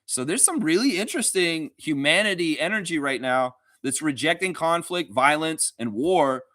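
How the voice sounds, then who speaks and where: Bright-voiced man hosting a livestream. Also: on the high side, moderate pace, no room sound, clean studio sound. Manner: animated, profane, talks to chat viewers. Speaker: fan show host. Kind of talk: casual livestream chat.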